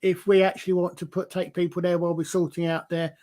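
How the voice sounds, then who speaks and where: Hesitant English man with a high voice. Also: level tone, quick pace, mellow. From England. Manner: hesitant, weighs his words with stammered starts. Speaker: podcast panelist. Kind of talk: casual panel discussion.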